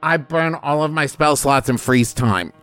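A man's voice: a little high, a little slow, a bit bright, clear, resonant tone, faint music behind. A man playing a tabletop game, talking casually as a player.

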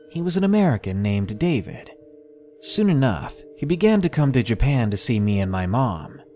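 A man reading submitted first-person scary stories aloud in a steady, measured scripted narration. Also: mid-range voice. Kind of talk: scripted horror story narration.

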